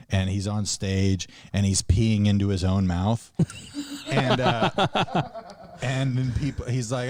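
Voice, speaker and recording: A man on a casual comedy podcast, telling animated stories with bursts of laughter. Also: lowish voice.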